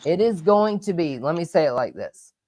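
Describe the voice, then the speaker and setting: A man hosting a live sports talk show, energetic and rambling, with loud outbursts. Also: fairly high pitch, brisk, dry recording. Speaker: podcast host.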